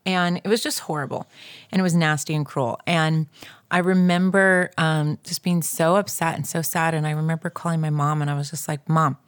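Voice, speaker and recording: Woman in her forties, chatty and emotional, lowish voice, dry close sound. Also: fairly even intonation, moderate pace, no room sound. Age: 40s. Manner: emotional, chatty, many likes. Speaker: podcast co-host. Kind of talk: casual personal storytelling.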